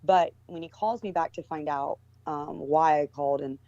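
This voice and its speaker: Low-voiced woman telling a rambling story. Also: fairly even intonation, normal speed, warm tone, dry recording. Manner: rambling, with many restarts and fillers. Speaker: guest. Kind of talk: casual storytelling. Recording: dull lo-fi recording.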